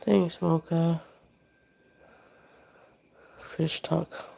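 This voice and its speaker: A woman with a slightly low voice that sounds sick. She rambles casually through a livestream, drifting between viewers' comments and her pet. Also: level tone, drawn-out words, creaky, dark tone, breathy edge. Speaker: livestreamer reading chat.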